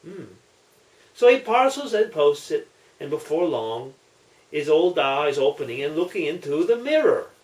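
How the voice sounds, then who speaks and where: A man's voice: fairly high pitch, very animated, a little mellow. A man telling jokes in a casual video, chatty and commenting on his own stories. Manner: chatty, unhurried, self-commenting. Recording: echoey room, distant mic.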